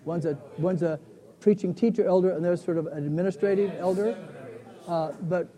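High-voiced pastor with a mellow tone. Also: male voice. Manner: conversational, halting, many restarts and fillers. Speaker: pastor teaching a Bible class. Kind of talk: casual Bible study teaching.

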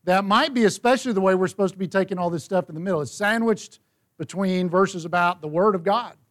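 A man's voice: high voice, fast, a bit bright. A man leading a Bible study, reading verses and explaining them in a conversational way. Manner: conversational, reads scripture aloud.

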